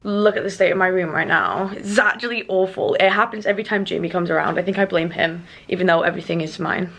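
A woman's voice: fairly low pitch, steady tone, fast talker, gravelly, fairly bright tone. A 21-year-old woman vlogging casually to camera, chatty and self-mocking, laughing often. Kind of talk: casual vlog talk to camera.

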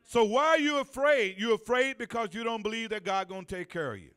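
In a church sanctuary, a male pastor preaches in a very high-pitched voice that is clean and a bit bright. He leans on call-and-response, asking the congregation to answer and drawing out key phrases.

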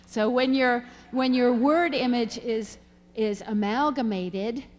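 A woman's voice: a little high, takes it slowly. Woman lecturing in a reverberant hall. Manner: earnest, emphatic, poses questions to the audience. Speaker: reading researcher speaking at a symposium. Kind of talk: conference talk.

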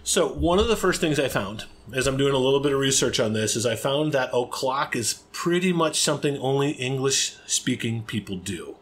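American guy co-hosting a chatty podcast, rambly and jokey, laughs a lot, plain middle pitch. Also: lively intonation, fairly bright tone. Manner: playful, rambling, quick to laugh. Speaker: podcast co-host. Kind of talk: casual podcast chat.

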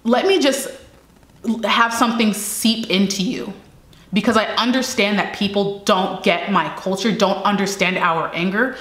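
A woman's voice: medium pitch, measured pace, a bit bright. A young woman giving impassioned personal commentary, emphatic, repeating phrases for weight and firing off rhetorical questions. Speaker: commentary channel host. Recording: echoey room.

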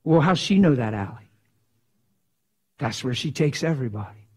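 A man preaching a sermon, emphatic and dramatic, swinging from loud to hushed. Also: medium pitch, lively intonation, moderate pace, breathy edge.

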